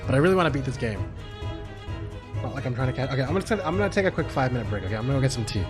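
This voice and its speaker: A man chats casually with his viewers while playing, swearing freely. His voice sounds strained and tired, at a middling pitch, with game music clearly behind it. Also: expressive, racing. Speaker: streamer. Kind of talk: casual live-stream chat.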